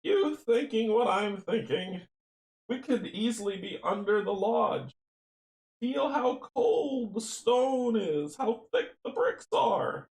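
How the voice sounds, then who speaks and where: A shrewd old woman leans in with a high, drawn-out voice full of conspiratorial slyness, as a man puts her on. Her words creep along slowly. The sound rings with the echo of a room. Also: expressive, a little mellow, exaggerated voice. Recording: roomy echo.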